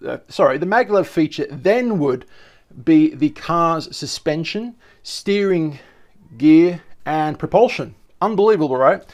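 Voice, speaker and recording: A man hosting a casual video commentary, enthusiastic and rambling, often stopping to correct himself. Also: fairly high pitch. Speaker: video host.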